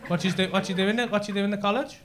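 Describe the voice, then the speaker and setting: A man's voice: high voice, steady tone, very fast, fairly bright tone. A man doing stand-up crowd work, teasing the audience with cheeky, sweary banter on a comedy club stage. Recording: noisy live club, audience laughter.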